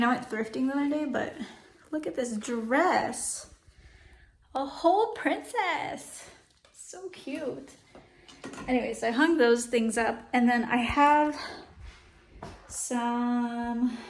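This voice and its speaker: A woman's voice: fairly high pitch, darkish tone, slight background noise. A young pregnant woman chatting casually in a home vlog, talking with lots of fillers and a little out of breath. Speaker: vlogger. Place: home rooms, indoors.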